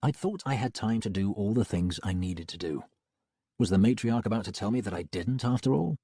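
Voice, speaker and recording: A man reading an audiobook in a lively, wry first-person voice that swings widely in pitch. His tone is low, mellow and husky. The recording is dry and close. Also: a little fast, no echo. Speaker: audiobook narrator. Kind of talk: scripted narration.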